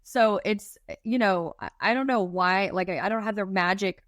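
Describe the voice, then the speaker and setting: A woman's voice: medium pitch, normal speed, fairly bright tone, dry recording, studio quality. A woman in her thirties co-hosting a podcast, talking in a casual, rambling way with many fillers. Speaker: podcast co-host.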